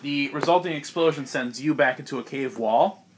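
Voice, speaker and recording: There's background noise as a young man with a medium-pitched voice narrates a tabletop session among friends. As game master he stays casual, laughs a lot, and throws in quick monster voices.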